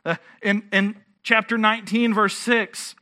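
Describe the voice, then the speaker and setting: A man's voice: sits high, steady tone, measured pace, pushed and bright. A man preaching a sermon as pastor, earnest and emphatic, often restarting his phrases.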